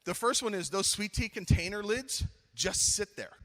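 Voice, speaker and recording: A middle-aged man preaching at a youth conference, telling a funny story with lively acted-out dialogue, then slowing into earnest appeals. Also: sits high, in a large hall. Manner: animated, acts out his own story, then slows to earnest appeals. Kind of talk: storytelling sermon.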